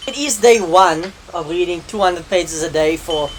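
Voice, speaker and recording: A woman talking casually to camera in a reading vlog, her voice sitting a little low. She sounds tired and slightly under the weather, and she thinks aloud as she tallies up pages. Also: lively intonation, normal speed, slight background noise. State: tired and a bit sick. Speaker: book vlogger.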